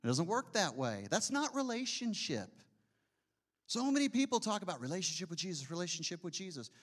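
Pitched high and swinging widely in tone, a man gives a conversational sermon. He keeps asking the listeners questions, easing into a soft hush on the phrases that matter most.

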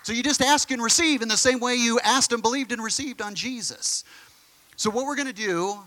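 A man preaching a sermon as pastor, in a casual, conversational way with quick asides, in a church sanctuary. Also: very high voice, sharp tone, poor audio. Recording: music behind the voice. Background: music playing.

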